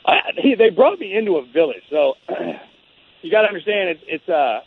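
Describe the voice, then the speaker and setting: A man in his forties, the guest, telling a story in a halting, rambling way full of restarts. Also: high-pitched, very animated, husky. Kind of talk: casual storytelling. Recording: phone-like narrow sound.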